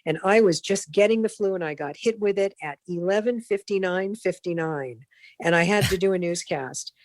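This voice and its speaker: Lively middle-aged woman telling radio stories. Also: fairly low pitch, moderate pace, dry recording. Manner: animated anecdotes, acts out quoted voices. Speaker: broadcast consultant, interview guest. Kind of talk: storytelling in a podcast interview.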